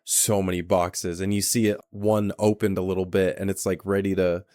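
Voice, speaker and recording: Male co-host, low voice, relaxed casual chat, dry close mic. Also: normal speed, dry recording. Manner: laid-back, swears casually, joins in with short agreements. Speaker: podcast co-host. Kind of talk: casual movie recap chat.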